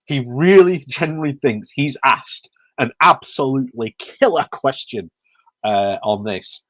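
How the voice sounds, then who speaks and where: A man's voice: mid-range voice, lively intonation, fairly bright tone, no echo. Male commentator, dry close sound, sarcastic and chatty, lots of ums and chuckles. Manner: sarcastic, laughs often, halting with fillers. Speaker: video commentator. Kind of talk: mocking casual commentary.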